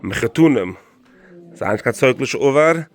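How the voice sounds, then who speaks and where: A man's voice: mid-range voice, expressive, normal speed. A man, walking through a furniture showroom and eagerly praising the sofas and prices for a promotional video. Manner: enthusiastic, repeats "beautiful", mixes in Yiddish words. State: out of breath on the stairs. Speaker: show host doing a store promotion. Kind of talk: walkthrough sales pitch.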